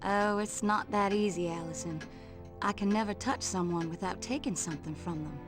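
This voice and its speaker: A woman's voice: medium pitch, moderate pace, natural voice. A woman voicing a sassy Southern woman mutant in a video game, with a Southern US accent, drawling and teasing, calling people sugar and honey. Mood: playful. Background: game music.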